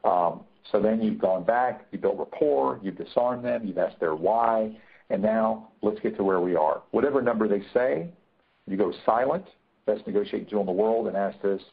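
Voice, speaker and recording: Husky man teaching over a tinny line. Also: fairly low pitch, normal speed. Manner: emphatic, repeats key points, many fillers. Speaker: negotiation trainer. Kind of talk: webinar teaching.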